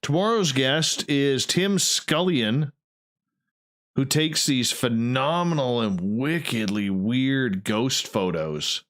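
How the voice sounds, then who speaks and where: A man's voice: mid-range voice, expressive, slow pace, a bit bright. A man hosting a radio show, chatting casually and rambling with frequent restarts and fillers.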